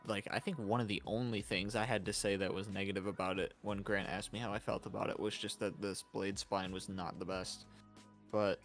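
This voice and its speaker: Man, lowish voice, laid-back stream chat, cusses a lot, soft lo-fi music underneath. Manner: casual, swears freely. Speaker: livestream host. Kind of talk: casual chat on a livestream. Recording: faint background music.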